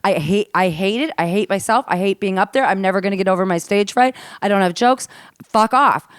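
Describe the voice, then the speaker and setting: A woman in her fifties, a comedian guest telling stories on a casual podcast at the host's home, animated and swearing freely, swinging between hushed and loud. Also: mid-range voice, a little fast, smooth, dry recording, clean studio sound. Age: 50s.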